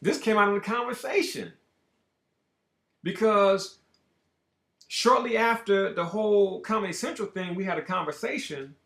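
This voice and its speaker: A man with a high, gravelly voice swings his pitch all over as he tells a story in a loose, casual monologue. He is profane and emphatic and talks in bursts. The room leaves a clear echo on his voice. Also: normal speed, long pauses, a bit bright. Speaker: show host. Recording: roomy echo.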